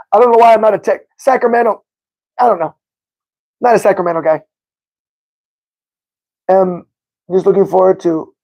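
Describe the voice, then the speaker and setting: A man hosting a casual live-stream sports podcast, talking excitedly and greeting viewers in the chat by name. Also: high-pitched. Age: adult with a son. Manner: excitable, talks to chat viewers by name, says bro a lot. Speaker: podcast host.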